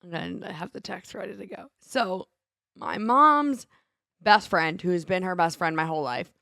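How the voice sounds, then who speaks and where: A woman co-hosting a morning show, telling a story in casual chat and acting out the people in it with lively voices. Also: fairly low pitch, moderate pace, vocal fry, no room sound, studio quality. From Seattle area. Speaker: radio show co-host.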